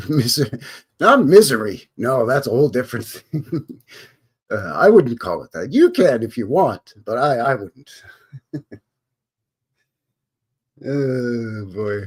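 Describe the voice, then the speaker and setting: A man's voice: mid-range voice, very animated, slow, long pauses, darkish tone, husky. A man from Alberta hosting a casual live stream, greeting chatters with folksy cowboy talk. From Alberta, Canada. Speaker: livestream host.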